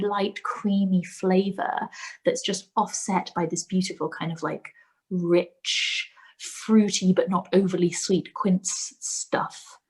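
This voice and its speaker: A woman hosts a relaxed live chat with her viewers. She gushes and rambles, restarting her sentences as she goes. Her voice sits in a middle register. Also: medium pitch, low-quality recording. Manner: gushing, rambling, with many restarts. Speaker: host. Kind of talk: casual live-stream chat.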